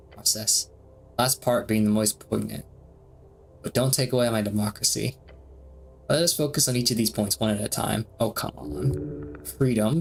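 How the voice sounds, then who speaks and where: A man's voice: medium pitch, slight background noise. Man streamer reading game text aloud. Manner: reads game dialogue aloud between quick reactions, laughs often.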